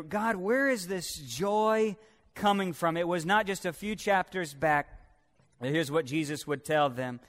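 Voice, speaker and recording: A man preaching a sermon with passion, swinging between loud declarations and hushed, quiet passages, and calling on the congregation to repeat after him. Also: high voice, unhurried. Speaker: pastor. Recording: long reverb of a large hall.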